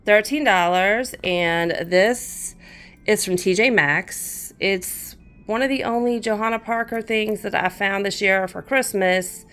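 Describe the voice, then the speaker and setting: A woman with a drawl talks slowly and fondly about each thing she bought. She chats casually and sometimes turns aside to speak to her cat. Quiet music plays faintly underneath. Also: medium pitch, clear, resonant tone. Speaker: crafting channel host. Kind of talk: casual haul show-and-tell.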